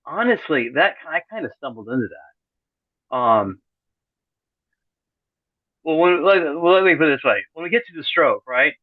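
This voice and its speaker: A man's voice: a little high, animated, measured pace, long pauses, no echo. Man on a tinny, dry call line. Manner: rambling, self-correcting, dry sarcastic humor. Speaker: podcast guest. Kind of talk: casual conversational interview. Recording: tinny phone-like call audio.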